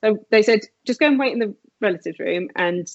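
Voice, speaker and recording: A woman's voice: medium pitch, brisk, vocal fry, dry recording. Woman telling a personal story. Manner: earnest, re-enacts dialogue in a raised voice. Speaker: podcast guest. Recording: dull lo-fi, dry sound.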